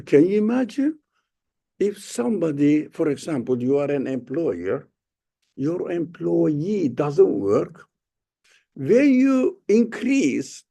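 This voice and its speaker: Slow, gravelly male Quran teacher. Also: fairly high pitch, mellow. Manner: slow, halting explanation with rhetorical questions. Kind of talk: informal Quran study lesson.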